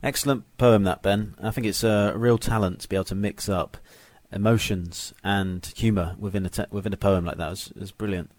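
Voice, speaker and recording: A man hosting a podcast, introducing a guest in a relaxed, chatty way. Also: lowish voice, fairly quick, few pauses. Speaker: podcast host.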